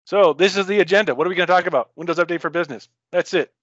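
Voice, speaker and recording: A man's voice: high-pitched, very fast, fairly bright tone, no room sound. Guy rambling through a tech talk on a video call, jokey, keeps restarting sentences, dry kinda muffled sound. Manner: rambling, self-interrupting, joking. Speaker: user group presenter. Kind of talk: casual technical talk.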